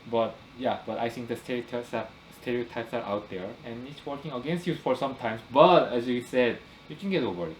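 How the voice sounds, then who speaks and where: Halting man co-hosting in an echoey room. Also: mid-range voice. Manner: halting, frequent backchannel agreement. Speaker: podcast co-host. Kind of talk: casual podcast chat. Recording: echoey room with faint ambient noise.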